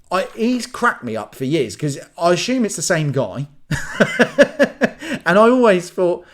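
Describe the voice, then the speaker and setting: A man's voice: a little high, very animated, unhurried, a bit bright. A young man ranting casually in a solo vlog, rambling and acting out little scenes in silly voices. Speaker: vlogger.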